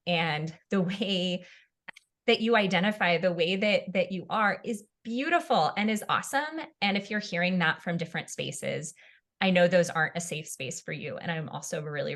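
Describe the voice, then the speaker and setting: A woman's voice: fairly low pitch, a bit bright. Earnest, emotional woman pastor. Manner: earnest, emotional, reassuring, with pauses and fillers. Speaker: pastor and mental health advocate. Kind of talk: heartfelt discussion.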